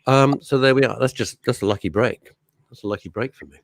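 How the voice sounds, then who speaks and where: A man's voice: medium pitch, quick pace, no room sound, studio quality. A middle-aged man hosting a radio show, chatting casually and rambling through anecdotes. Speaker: radio host. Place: radio studio.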